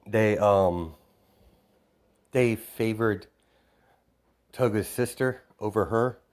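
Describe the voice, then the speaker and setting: A man's voice: lowish voice, extremely slow, a little mellow. A man casually retelling a fan-made story, rambling with many fillers and restarts. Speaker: narrator.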